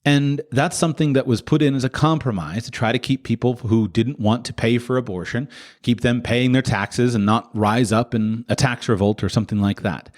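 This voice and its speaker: In an impassioned solo stretch, a male podcast host keeps repeating rhetorical questions, his pitch leaping sharply as he goes.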